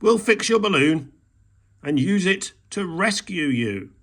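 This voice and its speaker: A man reading a storybook aloud and voicing a kind, sensible male badger who speaks calmly and firmly. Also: sits high, slow, voice pushed up, heavily acted. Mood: reassuring. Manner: calm and firm, calls out loudly.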